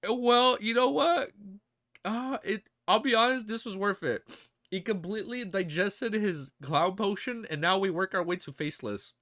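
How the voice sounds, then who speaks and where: A man live-streaming his reactions, excitable and hyped, with casual slang and swearing. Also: high-pitched, normal speed. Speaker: streamer reacting to a web novel.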